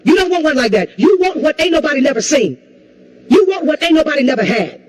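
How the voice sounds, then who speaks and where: A woman preacher in full flow, pressing every point home. She repeats her lines and keeps asking the listeners whether they are hearing her. At the peaks she breaks into shouts with a crying edge. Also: high voice, very animated, fast talker, low-quality recording. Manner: impassioned, repeats lines and asks the crowd if they hear her. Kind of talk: sermon.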